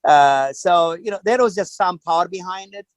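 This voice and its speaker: A man's voice: high-pitched, normal speed, no echo, poor audio. Hesitant man rambling with fillers. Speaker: program coach. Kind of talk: online panel discussion.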